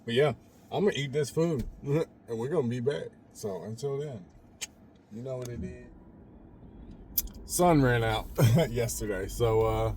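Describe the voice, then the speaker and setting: A man hosting a casual album reaction video, talking in a relaxed, rambling way and trailing off at the ends of sentences. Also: mid-range voice, measured pace, pauses often, slight background noise. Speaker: music reaction host.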